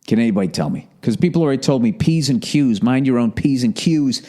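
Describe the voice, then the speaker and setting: A man's voice: medium pitch, expressive, quick pace, dark tone. A man talking in a rambling, profane monologue as a podcast host, his voice a little sore and a cough drop in his mouth.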